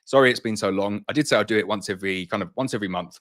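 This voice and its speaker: A middle-aged man with a British accent and a very deep voice chats loosely through a live stream. He talks off the cuff, doubling up words as he thinks aloud, and sounds a little out of breath. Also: rapid-fire, fairly bright tone. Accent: British English. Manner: chatty, repeats words while thinking aloud. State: slightly out of breath. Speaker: beekeeper hosting a live Q&A stream. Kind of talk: casual live-stream chat.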